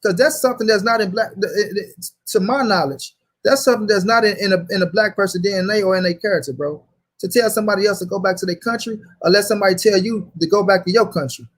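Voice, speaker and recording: A man runs a casual livestream and argues hard. His voice sits fairly high, and he swears freely as he reads viewer comments aloud. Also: quick pace. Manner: heated, profane, reads chat aloud. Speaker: host.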